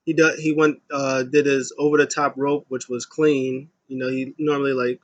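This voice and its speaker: A man's voice: mid-range voice, level tone, lo-fi sound. A young man casually recapping a wrestling show, rambling with lots of fillers. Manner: rambling, many fillers, paraphrases with quick voices.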